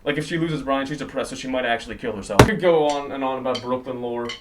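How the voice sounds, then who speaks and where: A man's voice: medium pitch, fast. Teen male vlogger, slangy and self-correcting, recorded a little far from the camera mic. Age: late teens. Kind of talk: casual storytelling to camera. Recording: slightly distant mic, faint noise.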